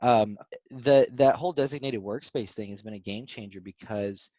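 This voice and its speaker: A man with a fairly low voice hosts a casual chat over the phone, talking in a lively, anecdotal way. The sound is dry and dull, with no room echo. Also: normal speed. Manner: chatty, laughs often, lively anecdotes. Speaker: interview host. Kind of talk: casual remote interview.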